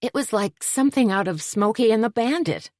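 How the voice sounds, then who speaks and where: Voicing a plucky café-owner heroine, this woman sounds relieved, with a fairly high, slightly mellow voice, lively intonation, and a somewhat quick pace. It's pitched a bit above her own voice yet close to everyday speech, in clean studio sound with no echo.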